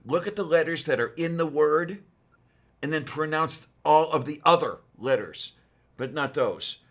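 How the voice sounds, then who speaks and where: A man's voice: on the high side, a little slow, fairly bright tone. A man co-hosting a casual chat, rambling and hesitant, with many ums. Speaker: podcast co-host.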